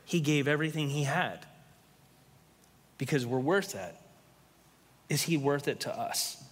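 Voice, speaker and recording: A man's voice: on the high side, measured pace. Fervent male preacher in a reverberant hall. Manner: impassioned, emphatic preaching. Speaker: pastor. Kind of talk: sermon. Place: church hall, live. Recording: long reverb of a church hall.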